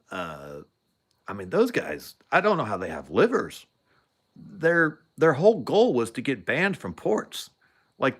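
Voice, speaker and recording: A man's voice: medium pitch, a bit bright. Rambling man telling an old story. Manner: rambling, laughing, many restarts. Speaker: show host. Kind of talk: casual storytelling.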